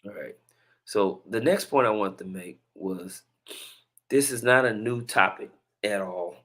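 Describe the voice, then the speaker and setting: A man's voice: fairly low pitch, measured pace, a bit bright. A man hosting a casual religious commentary, chatty and preachy, with chuckling asides between clips.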